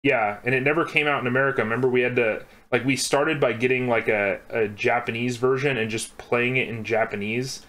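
A man's voice: mid-range voice, fairly even intonation, brisk, few pauses, pushed and bright. Young man chatting while drawing. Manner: rambling, laughing, swears casually. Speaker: podcast co-host. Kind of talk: casual chat while drawing.

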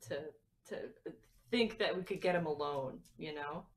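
A woman's voice: low voice, normal speed, a little hiss or hum. A woman playing in a tabletop game who speaks hesitantly and thinks aloud. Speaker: player. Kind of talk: casual tabletop play. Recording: voice away from the mic.

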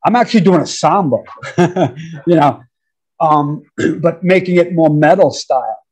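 A man in his fifties from New York, an interview guest telling animated, slangy stories about his career with frequent laughs. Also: on the high side, measured pace, poor audio. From New York, USA. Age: 50s. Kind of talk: casual storytelling interview.

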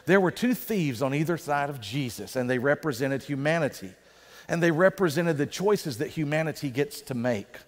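A male pastor preaching a sermon in a conversational way, slowing down for emphasis. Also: on the high side, lively intonation. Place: church sanctuary. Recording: reverberant church sanctuary.

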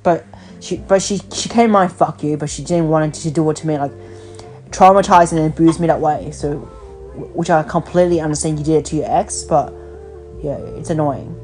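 Low-voiced woman ranting over the phone. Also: moderate pace, a little mellow, faint music behind. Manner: rambling, blunt, swears freely. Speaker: podcast host. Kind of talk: casual phone chat.

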